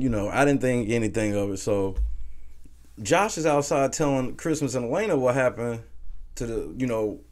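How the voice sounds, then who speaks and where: A man's voice: medium pitch, darkish tone. Casual profane man recapping a show. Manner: casual, profane, laughs while recounting.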